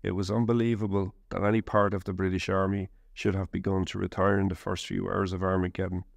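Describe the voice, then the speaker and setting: Low gravelly man reading a memoir. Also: dry recording. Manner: measured, steady reading. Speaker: narrator. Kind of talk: scripted first-person memoir reading.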